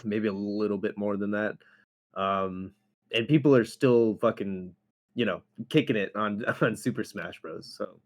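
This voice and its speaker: A man's voice: fairly low pitch, a little slow. A man hosting a gaming podcast, chatting casually and swearing often. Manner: lively, swears and laughs often. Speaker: podcast host. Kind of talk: casual chat.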